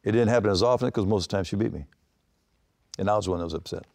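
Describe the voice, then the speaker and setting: A retired baseball manager, an older man, answers interview questions as a guest with long, rambling anecdotes. His voice is on the low side, creaky and a little mellow, and he talks at a racing pace, restarting frequently and acting out quotes.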